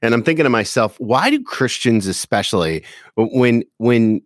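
A man's voice: mid-range voice, animated, normal speed, no room sound, clean studio sound. A man hosting an interview, talking in a casual, affirming, conversational way. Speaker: host.

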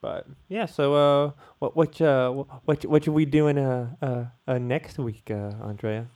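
A man co-hosts a casual podcast in an ordinary mid-range voice. His delivery is relaxed and halting, full of ums, uhs and restarts. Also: medium pitch. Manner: halting, many fillers and restarts, laid-back. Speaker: podcast co-host. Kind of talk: casual chat.

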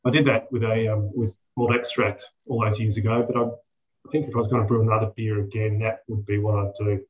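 A man's voice: on the low side, flat delivery, a little fast, a little mellow, dull audio. A man with an Australian accent, a guest home brewer on a podcast, talking in a rambling, self-deprecating way with many fillers. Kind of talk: casual podcast chat.

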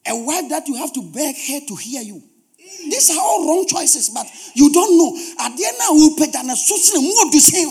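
A man's voice: very high voice, animated, fairly quick, hardly any pauses, a little mellow. A man preaching a sermon as pastor, emphatic, repeating phrases for stress and dropping humorous asides to the congregation.

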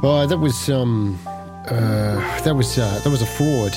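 A man's voice: mid-range voice, measured pace, loud music behind the voice. A man playing a detective in a tabletop game, casual and hesitant with many fillers. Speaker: player.

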